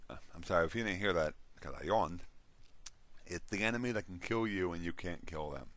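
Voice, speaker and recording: Low, bright-voiced man rambling about games. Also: a little fast. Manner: rambling, with restarts and yawns. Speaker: host. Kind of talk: casual monologue on role-playing games.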